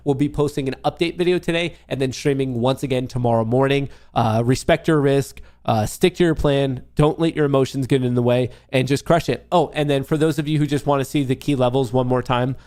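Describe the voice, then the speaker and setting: A young man in the middle of a profane rant on his trading stream, his voice sitting at an ordinary pitch. He sounds heated and scornful, swearing constantly and slipping into sarcasm. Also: darkish tone. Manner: heated, mocking, heavy swearing. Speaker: trading livestream host. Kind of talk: profane ranting monologue.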